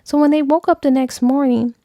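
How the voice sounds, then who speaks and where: A woman book reviewer casually retelling a novel's plot, animated and slipping into acted dialogue. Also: high-pitched, brisk, no room sound.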